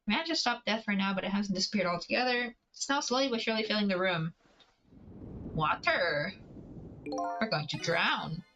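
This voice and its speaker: A woman's voice: mid-range voice, moderate pace, long pauses, bright, forceful tone, dull audio. A woman streaming a video game, chatting casually, reading game dialogue aloud and swearing at the screen. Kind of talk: casual let's-play commentary. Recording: game music playing under the voice. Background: game music.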